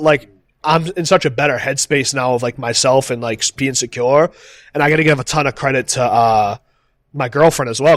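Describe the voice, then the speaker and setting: A man's voice: mid-range voice, no echo. A young man with a Boston accent, a podcast guest chatting casually, loose and profane. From East Boston. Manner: loose and profane, fillers like bro. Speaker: podcast guest, content creator. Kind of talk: casual chat.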